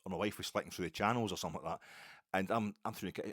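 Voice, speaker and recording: A man's voice: low-pitched, racing, a bit bright, husky, dry recording, studio quality. A Scottish man hosting a solo football podcast, talking in a rambling, digressive, chatty way full of asides. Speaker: podcast host.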